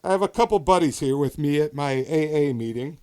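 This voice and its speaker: A man's voice: fairly high pitch, expressive, fairly quick, a little mellow, clean tone, natural voice. A man voicing a grown son sweet-talking his old father on the phone, in a casual, chummy way.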